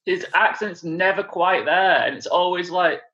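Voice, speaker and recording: A man's voice: high voice, moderate pace, background noise. A man co-hosting a casual film podcast, wry and joking. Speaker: podcast co-host. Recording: dull lo-fi mic.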